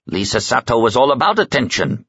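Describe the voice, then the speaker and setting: A male narrator voicing a shrewd, gruff old woman who talks bluntly and sardonically, with a husky edge to the voice. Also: medium pitch, big pitch swings, brisk, fairly bright tone, no room sound, pitched above the performer's own voice, exaggerated voice. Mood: wary. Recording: slightly muffled sound.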